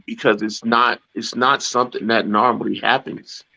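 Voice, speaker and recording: A man co-hosting a talk show, speaking haltingly with many restarts and repeated words. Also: medium pitch, flat delivery, gravelly, pushed and bright. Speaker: podcast co-host. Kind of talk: casual talk show discussion. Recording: dull lo-fi sound.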